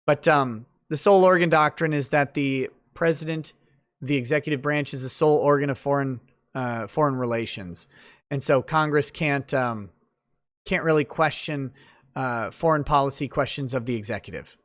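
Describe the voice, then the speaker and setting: A man's voice: medium pitch, moderate pace. A man hosting a late-night livestream, chatting loosely through viewer comments with lots of fillers and restarts.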